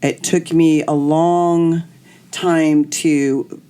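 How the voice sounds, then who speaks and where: A middle-aged woman hosting a podcast, telling candid personal stories in an animated way and acting out the voices of people she quotes. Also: deep voice, extremely slow, clear, resonant tone. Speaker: podcast host. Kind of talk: candid storytelling chat.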